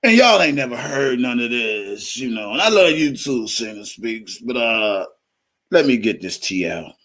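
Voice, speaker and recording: A man's voice: mid-range voice, sing-song, unhurried, a bit bright. Blunt, profane man hosting a live stream. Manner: blunt and profane, talks straight to viewers. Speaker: YouTube commentary blogger and host. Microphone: checks his mic on stream.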